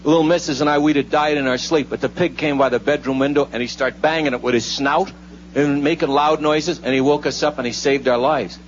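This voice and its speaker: A man voicing a touchy middle-aged farmer who talks in a gruff, defensive, plain way. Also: on the high side, fairly even intonation, a little fast, voice pushed down, close to an everyday voice. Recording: muffled live radio with faint hum.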